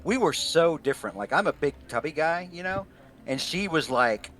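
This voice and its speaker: A man's voice: fairly high pitch, expressive, normal speed, fairly bright tone. A man running a tabletop game as game master, chatting casually and rambling with plenty of fillers and restarts.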